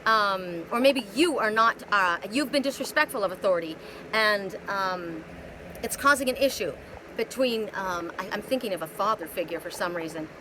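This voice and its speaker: A woman's voice: mid-range voice, lively intonation, normal speed, background noise. Rambling woman giving a card reading. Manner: rambling, repeats words, many rhetorical questions. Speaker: oracle card reader. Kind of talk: live spiritual card reading. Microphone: phone.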